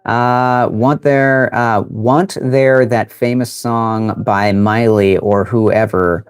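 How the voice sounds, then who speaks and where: A man's voice: lowish voice, steady tone, takes it slowly, hardly any pauses, clean tone. A young man from the United States hosting a livestream, telling stories casually, rambling with many fillers and laughing often. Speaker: livestream host.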